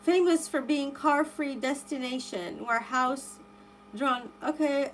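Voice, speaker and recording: A woman's voice: high-pitched, slow pace, a little hiss or hum, low-quality recording. Chatty, exclaiming woman tarot streamer. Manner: exclaiming, animated and chatty, rambling with many restarts. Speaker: live tarot reader. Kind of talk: live stream chat reading viewer comments.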